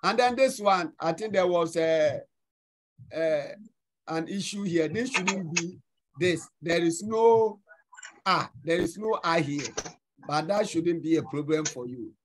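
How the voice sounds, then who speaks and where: A man's voice: a little high, a little slow, background noise. A man with a Ghanaian English accent teaching French, going over an exam in class and repeating words as he explains. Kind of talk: online class review.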